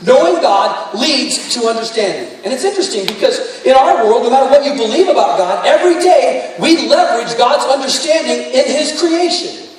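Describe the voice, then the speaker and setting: A man's voice: extremely high pitch, sing-song, moderate pace, hardly any pauses. A man preaching a sermon, telling stories and then rising into fervent exhortation. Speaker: pastor. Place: large church sanctuary. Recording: distant echoey hall, faint room noise.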